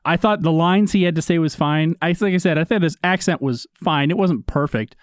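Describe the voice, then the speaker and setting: A man co-hosting a podcast, giving his opinions in a measured, even way. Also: on the high side, smooth, no echo, studio quality. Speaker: podcast co-host. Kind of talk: casual chat.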